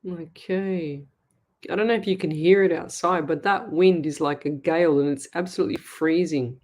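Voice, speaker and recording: A middle-aged Australian woman hosting a live psychic show, chatting and reading viewer comments aloud in a warm, chatty way. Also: deep voice, steady tone, normal speed. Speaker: psychic medium show host.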